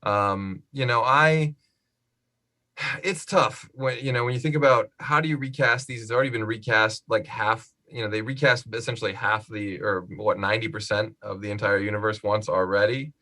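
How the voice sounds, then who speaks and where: A man's voice: on the low side, moderate pace. A man hosting a casual live-stream chat about movies, reading viewer comments and acting out quotes. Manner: animated, acts out quotes. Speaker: podcast host reading chat.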